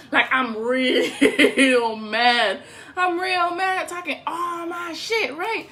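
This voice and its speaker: A young woman telling a profane, animated story to the camera at home, laughing as she goes. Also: high-pitched.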